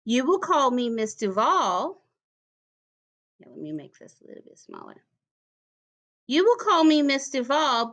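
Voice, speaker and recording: A woman teacher leads young children through a phonics lesson. Her voice sits fairly high, and she talks at an unhurried, deliberate pace. She says each example word clearly and then repeats it. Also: fairly bright tone. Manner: slow, careful, encouraging, repeats words clearly.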